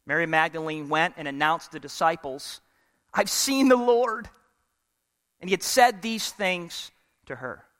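A male pastor delivers a dramatic sermon in a high, bright, forceful voice. He drops from full volume to a near hush and slips in humorous asides. The sound rings with the long reverb of a large church. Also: moderate pace. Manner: dramatic preaching, swings from loud to hushed, with humorous asides.

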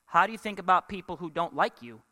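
A male pastor delivers an emphatic sermon, firing rhetorical questions at his congregation. His voice sits high and rings bright. It carries with a long reverb from a church sanctuary. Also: animated, fast.

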